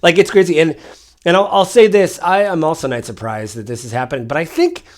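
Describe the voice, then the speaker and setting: A man co-hosting a podcast, chatting casually about politics with rambling, animated storytelling. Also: on the high side, brisk. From Washington State. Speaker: podcast co-host.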